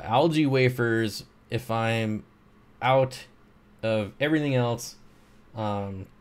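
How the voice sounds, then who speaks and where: A man's voice: lowish voice, darkish tone. A man hosting a casual live stream, reading viewer questions aloud and answering them in a laid-back, rambling way. He is short on sleep. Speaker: livestream host answering chat. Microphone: streaming microphone.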